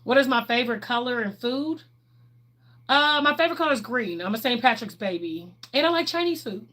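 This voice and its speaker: Woman, middle-aged, livestream host, chatty and candid, somewhat high-pitched. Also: expressive, a little fast, fairly bright tone. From Texas, USA. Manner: chatty and candid, laughs often. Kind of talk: casual livestream chat answering viewers.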